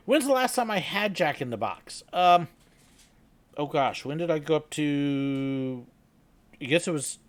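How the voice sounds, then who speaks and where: A middle-aged man chats from home on a casual livestream, rambling along with plenty of ums and small laughs. His voice sits a little high for a man. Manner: rambling and chatty, with many fillers and laughs. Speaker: livestream host.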